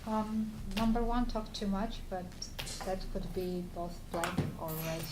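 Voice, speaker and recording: A woman giving a tentative, pausing speech as a player at a tournament game. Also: mid-range voice. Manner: tentative, many pauses. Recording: echoey noisy room.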